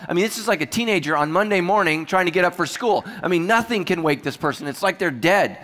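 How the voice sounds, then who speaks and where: A man preaching a sermon as pastor, telling stories with humor and lively asides. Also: sits high, fast, few pauses, in a large hall. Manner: humorous, animated storytelling with asides.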